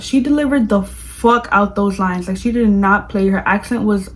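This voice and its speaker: A woman vlogger reviewing a movie in casual chat, gushing and animated, with lots of "like". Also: medium pitch, moderate pace, few pauses, poor audio. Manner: gushing, animated, fills speech with "like".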